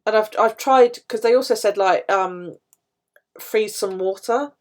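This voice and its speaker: A woman's voice: medium pitch, measured pace. Brief: middle-aged woman, casual livestream chat, salty language, easygoing storyteller. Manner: chatty, swears freely, storytelling. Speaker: live streamer. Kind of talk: casual chat while journaling.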